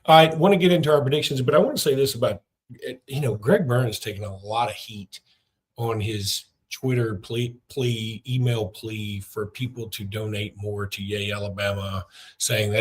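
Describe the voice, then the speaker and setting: A man's voice: on the low side, normal speed. A middle-aged man, hosting a sports podcast in a chatty, rambling way with lots of fillers. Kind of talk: casual podcast talk with a read ad.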